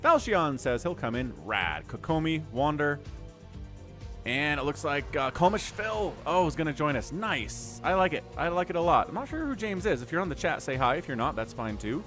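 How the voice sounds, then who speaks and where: A man's voice: a little high, very animated, moderate pace, a bit bright. A man hosting a live game stream, chatting with viewers in an upbeat, chatty way and thanking them by name. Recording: music playing behind.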